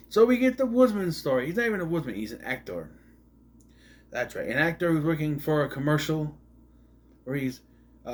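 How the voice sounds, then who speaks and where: A man giving a casual, rambling movie review with sarcastic asides and frequent restarts. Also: on the high side.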